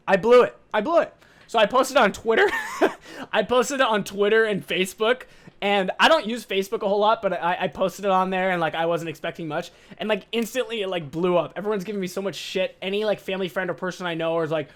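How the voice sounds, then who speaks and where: A young man hosting a podcast, telling a story in a casual monologue, animated, self-mocking and swearing freely. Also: high voice, fairly quick. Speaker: podcast host.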